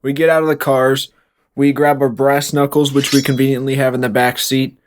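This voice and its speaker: A young man co-hosting a podcast, telling a silly story in a matter-of-fact, deadpan way. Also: medium pitch, brisk, a little hiss or hum. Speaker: podcast co-host. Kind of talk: casual comedic storytelling.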